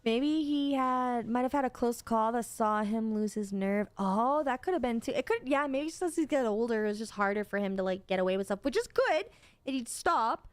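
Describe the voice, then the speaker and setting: A woman streamer chatting casually while reacting to a video, excitable and full of slang. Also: on the high side, normal speed, clean tone, no room sound. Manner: excitable, slangy, says "bro" a lot. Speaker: VTuber streamer.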